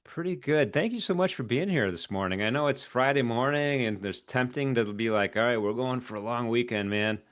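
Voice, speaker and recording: A man's voice: mid-range voice, brisk, few pauses, a bit bright. A man hosting a live trading stream, chatty and upbeat, urging viewers to like the video and thanking guests. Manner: upbeat, hypes viewers, frequent fillers. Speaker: host. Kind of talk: casual live-stream chat.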